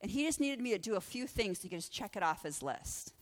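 A woman pastor preaching through a lively personal story, acting out the voices of the people in it. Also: mid-range voice, brisk. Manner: animated, acts out the voices in her story. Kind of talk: sermon storytelling.

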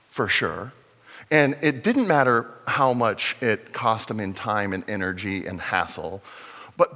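A middle-aged man preaching a sermon as pastor, in a conversational, animated storytelling manner. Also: a little high, breathy edge. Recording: long reverb of a large hall.

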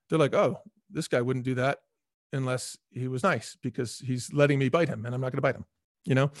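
A man speaking as a guest in a casual interview, telling stories with lively acted-out dialogue. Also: medium pitch, no echo, studio quality. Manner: animated storyteller, acts out quoted dialogue. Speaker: former restaurant chain CEO, guest.

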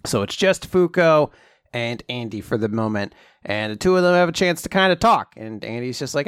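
A man in casual chat, animated and laughing often as he swears and acts out character lines. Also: mid-range voice, moderate pace, smooth, no echo, clean studio sound. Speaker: podcast co-host. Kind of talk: casual chat recapping a comic.

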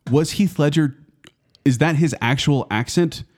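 A man co-hosting a film podcast, arguing back in a quick, playful way. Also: fairly high pitch, darkish tone. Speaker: podcast co-host. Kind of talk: casual film discussion.

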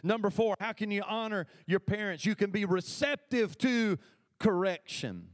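A man's voice: high voice, expressive, normal speed. A man preaching a sermon as pastor, talking conversationally and calling for responses from the congregation. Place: church sanctuary.

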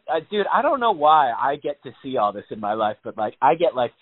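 A man's voice: on the high side, expressive, fast, hardly any pauses, a little hiss or hum. A man telling a story in casual, rambling chat on a podcast, with lots of swearing. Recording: tinny phone-like sound.

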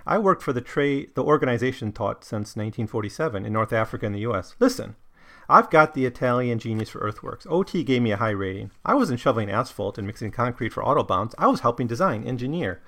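A man's voice: medium pitch, expressive, fast, a bit bright. A man reading aloud the lines of a proud, opinionated middle-aged Italian ex-soldier, in a plain voice with no put-on accent. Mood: earnest.

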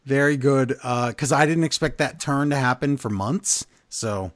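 A man co-hosting a podcast, recapping events in casual chat, animated and blunt with his opinions. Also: medium pitch, normal speed, no room sound. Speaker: podcast co-host.

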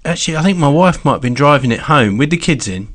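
A man's voice: on the high side, expressive, fast talker, fairly bright tone. A man in a casual chat, easygoing as he listens and then tells a story of his own.

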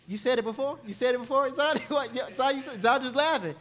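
Playful animated preacher man. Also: very high-pitched, fast, hardly any pauses. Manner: animated, playful, acts out voices and laughs with the congregation. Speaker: pastor. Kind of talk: sermon. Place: church sanctuary.

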